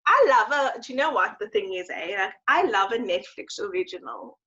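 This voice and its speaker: A young woman co-hosting a podcast, chatting casually and gushing with animated enthusiasm. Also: mid-range voice. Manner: gushing, animated, quick to laugh. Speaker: podcast co-host. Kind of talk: casual chat. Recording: dull lo-fi sound.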